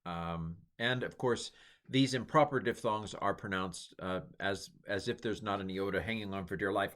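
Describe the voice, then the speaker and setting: A man's voice: low voice, normal speed, fairly bright tone. A middle-aged man giving an informal lecture, rambling and self-deprecating with many fillers and restarts. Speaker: teacher.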